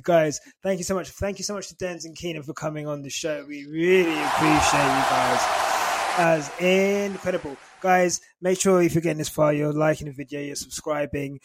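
A man's voice: fairly high pitch, very noisy. A man co-hosting a casual podcast chat, getting emotional and laughing as he tells stories. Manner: emotional, laughing, animated storytelling. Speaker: podcast co-host.

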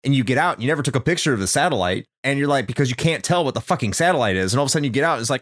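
A man's voice: medium pitch, lively intonation, very fast, hardly any pauses, fairly bright tone. A man co-hosting a casual game discussion, ranting in an exasperated way and swearing often. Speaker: podcast co-host.

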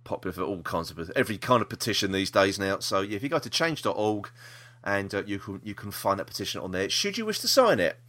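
Bright-voiced man co-hosting a chatty podcast. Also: lowish voice, very animated, quick pace. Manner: chatty, rambling with many restarts and laughs. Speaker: podcast co-host. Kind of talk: casual chat.

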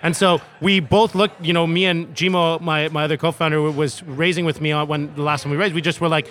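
Guy co-founder talking up his product, bright slightly high voice, lots of ums, outside in town. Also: flat delivery. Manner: fast, eager, many fillers and restarts. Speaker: tech company co-founder. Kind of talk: interview answers.

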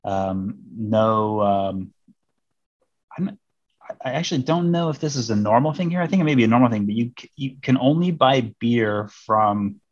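A man's voice: medium pitch, lively intonation, moderate pace, no room sound, lo-fi sound. A man from Missouri, a diplomat, chatting casually as an interview guest, rambling with many fillers and restarts. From Missouri, United States.

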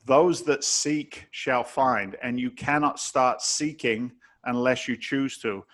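A man's voice: medium pitch, takes it slowly, a bit bright. A man from England, a guest entrepreneur on an interview podcast, giving emphatic, preachy motivational advice with blunt wording and a bit of swearing.

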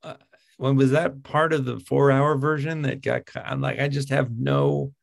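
A man's voice: mid-range voice, little pitch movement, normal speed, vocal fry. A man casually reviewing a film with a co-host, given to incredulous, exasperated outbursts.

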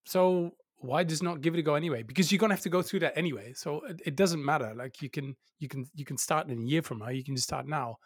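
A man giving candid advice as an interview guest, lively and laughing, often acting out the doubting voices he quotes. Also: a little high, quick pace, few pauses, husky, no room sound, clean studio sound. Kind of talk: casual interview conversation.

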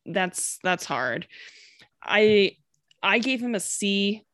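A woman co-hosting a casual sports podcast, speaking in a relaxed, hesitant way with many fillers. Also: mid-range voice, very slow, no echo, studio quality.

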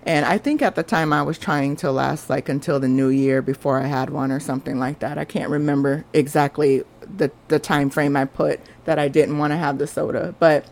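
A woman's voice: deep voice, steady tone, a little fast, vocal fry, few pauses, a little mellow. Earnest woman telling her story. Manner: earnest, confessional, chatty. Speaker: podcast host. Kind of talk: casual personal storytelling.

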